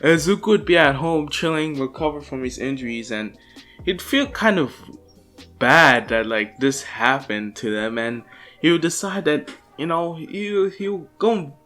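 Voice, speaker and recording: A man's voice: fairly high pitch, lively intonation, a little slow, fairly bright tone, faint music behind. A young man casually improvising a fan story, rambling with fillers and restarts. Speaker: channel host.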